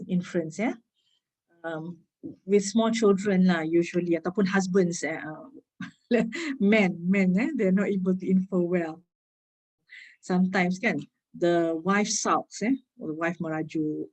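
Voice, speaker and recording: A woman with a Malaysian English accent giving an informal reading-skills lecture, chatty, asking her listeners quick tag questions and laughing lightly between points. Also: lowish voice, a little mellow, low-quality recording. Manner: chatty, code-switching, asks rhetorical tag questions. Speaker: reading workshop speaker.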